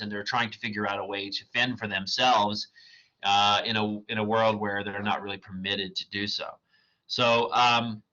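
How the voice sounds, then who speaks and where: Male lecturer, lowish bright voice, musing with fillers, dull lo-fi recording. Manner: thoughtful, with frequent fillers and restarts.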